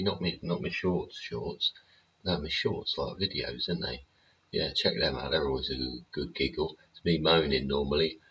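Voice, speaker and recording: A man's voice: extremely low pitch, a bit bright, slight background noise. A man hosting his show in a casual, rambling rant, swearing freely and tossing in tag questions. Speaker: show host. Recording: dull lo-fi recording.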